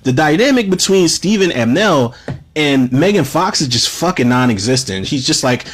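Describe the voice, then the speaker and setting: A man in his thirties hosting a podcast, casually reviewing films in a profane, animated rant full of fillers. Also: on the high side, normal speed, slightly rough. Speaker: podcast host, film reviewer. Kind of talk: casual spoken film review.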